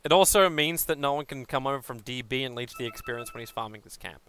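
A man casting a live esports match on a headset, calling the play in an energetic, quick and excitable way. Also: medium pitch, slight background noise. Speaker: esports caster. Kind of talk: live game commentary.

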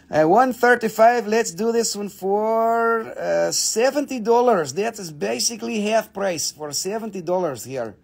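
A man hosting a live gemstone sale, excitable and cursing freely, breaking into snatches of song. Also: high-pitched, gravelly. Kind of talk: live shopping stream. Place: home shop.

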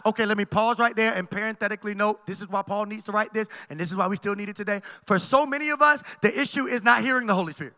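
A male pastor preaches a sermon, his voice pitched high and bright. He pauses to get the congregation talking back to him. The sound rings with the long reverb of a church sanctuary. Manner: preaching with call-and-response asides.

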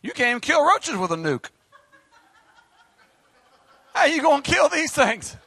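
A middle-aged man, preaching a fiery sermon as pastor, joking and then shouting his exhortations. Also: extremely high pitch, big pitch swings, measured pace, dry recording.

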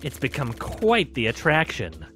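A courteous, sinister male translator, voiced by a man reading a game aloud. The voice sits a little lower than normal and stays smooth and unhurried. Every polite phrase carries a quiet threat. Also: huge pitch swings, soft background music. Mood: teasing.

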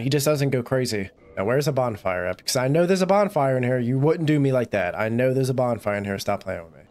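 A young man giving gameplay commentary, swearing and bursting into frustrated shouts. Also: medium pitch. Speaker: gaming YouTuber.

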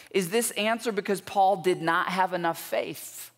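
A man preaching a sermon as a pastor, earnest and emphatic, building intensity with pauses for weight. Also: high-pitched, fairly bright tone. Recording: long church hall reverb.

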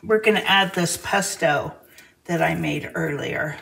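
A woman's voice: on the low side, measured pace, vocal fry, a bit bright, reverberant. A woman hosting a casual cooking demonstration, playful and chatty, with silly asides to her viewers. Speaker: cooking vlogger. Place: cabin kitchen.

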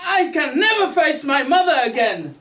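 A woman's voice: high-pitched, sing-song, normal speed, fairly bright tone, some chatter behind. A woman playing a pompous Frenchman in a stage pantomime, in a silly put-on French accent. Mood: deadpan. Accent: put-on comic French accent. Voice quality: exaggerated, comic. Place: theatre stage. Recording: distant stage mic with music.

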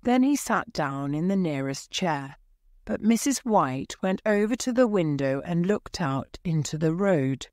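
A woman narrating a story for English learners in a slow, clear, measured reading. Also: fairly low pitch, lively intonation, darkish tone, dry recording, studio quality.

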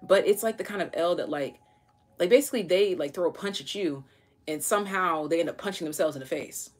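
Low-voiced chatty woman reading tarot. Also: brisk. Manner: chatty, swears casually, many fillers. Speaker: tarot reader. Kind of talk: casual live tarot reading.

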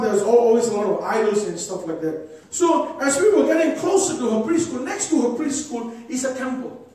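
A man preaching a sermon as a pastor, emphatic and rising to shouts, calling out "amen" and "come on" to the congregation. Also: very high voice. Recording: echoey hall, distant mic.

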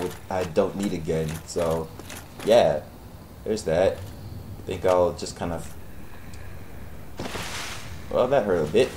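A man's voice: medium pitch, dark tone, a little hiss or hum, low-quality recording. A young man giving profane, sarcastic commentary while playing a video game and talking to its characters. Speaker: gaming commentator. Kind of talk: Let's Play commentary.

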